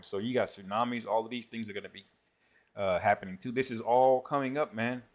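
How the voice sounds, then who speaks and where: A man giving casual spoken commentary on scripture and prophecy, often tagging his sentences with "man" and reading verses aloud slowly. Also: fairly low pitch, steady tone. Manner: conversational, peppers speech with "man".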